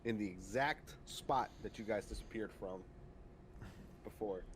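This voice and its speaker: A man with a lowish voice runs a tabletop game, narrating at an easy pace and pausing often with fillers. He talks over a home microphone on a voice call, with a faint hiss behind him. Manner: relaxed, halting narration with many fillers. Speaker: game master.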